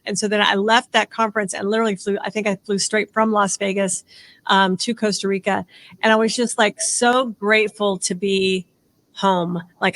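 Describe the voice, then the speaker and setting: A woman in her sixties hosting a podcast, talking fast and rambling with lots of "like" fillers. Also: medium pitch, fairly bright tone. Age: 60s. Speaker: podcast host. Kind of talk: casual podcast chat.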